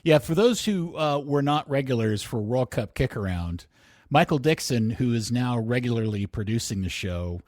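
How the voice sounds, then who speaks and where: A man co-hosting a podcast in casual chat, often restarting his sentences and breaking into laughs. His voice sits at a middling pitch, recorded close and dry with no room sound. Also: animated, moderate pace, a little mellow, dry recording. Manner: rambling, self-correcting, laughs often. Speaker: podcast co-host.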